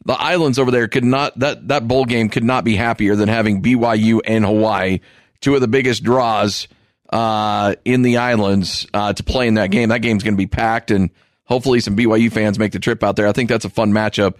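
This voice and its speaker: A man's voice: fairly low pitch, steady tone, fairly quick, no echo, studio quality. A man co-hosting a sports radio talk show, chatty and easily amused. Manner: chatty, amused, many fillers. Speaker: co-host.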